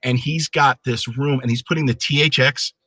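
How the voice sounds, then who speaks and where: A middle-aged man chatting as a guest on a live stream, spinning his stories with a bright, forward tone. He throws himself into each anecdote and acts out the other people's voices as he goes. The sound is close and dry, with no room around him. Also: mid-range voice, fairly even intonation, normal speed, no room sound. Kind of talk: casual chat on a live stream.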